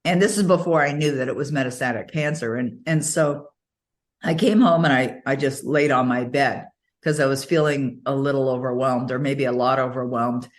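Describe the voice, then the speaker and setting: Middle-aged woman, interview guest, low voice, animated storyteller who laughs often. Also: normal speed. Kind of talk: casual interview conversation.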